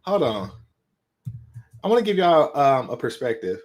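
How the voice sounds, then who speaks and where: A man from the San Francisco Bay Area hosts a reaction video, mocking and laughing at a clip while swearing often. His medium-pitched, darkish voice is very animated and moves at a moderate pace.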